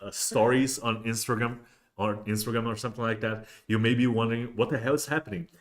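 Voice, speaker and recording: A man's voice: mid-range voice, fairly even intonation, fast talker. A man hosting a casual livestream, rambling with many restarts and fillers. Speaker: host of a miniatures livestream.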